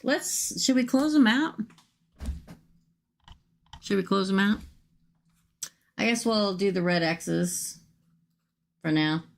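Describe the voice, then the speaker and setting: A woman's voice: fairly low pitch, gravelly, a little hiss or hum. A woman tarot reader, chatting casually and folksily with viewers during a livestream reading.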